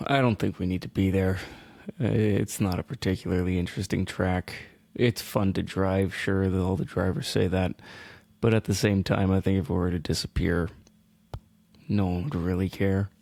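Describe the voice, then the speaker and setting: A man co-hosting a racing podcast in casual chat, with a dry, wry, deadpan way of talking. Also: sits low, a little slow, creaky, dry recording. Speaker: podcast co-host.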